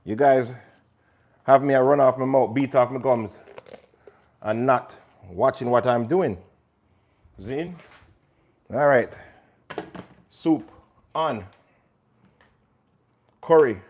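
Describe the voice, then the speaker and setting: Chatty Jamaican chef, joking with viewers. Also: male voice, mid-range voice, slow pace, long pauses, darkish tone, slight background noise. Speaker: chef hosting a livestream. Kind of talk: casual live cooking chat.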